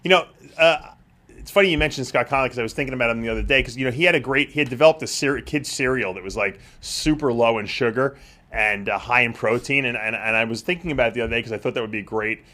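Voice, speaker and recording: A man's voice: mid-range voice, fast talker, bright, forceful tone. A man hosting a live question-and-answer show, talking casually with frequent fillers and restarts as he explains. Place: studio.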